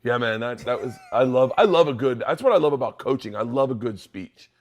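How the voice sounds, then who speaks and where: Excitable storytelling man. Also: mid-range voice, brisk. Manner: loud storytelling, swearing, gets emotional about sports. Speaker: podcast co-host. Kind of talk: casual chat.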